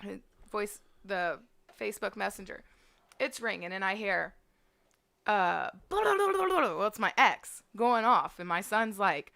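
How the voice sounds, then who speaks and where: Brash, gravelly woman telling a fight story. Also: medium pitch, expressive, measured pace, pushed and bright. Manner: brash, profane storytelling with acted-out quotes. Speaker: guest storyteller. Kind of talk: casual chat.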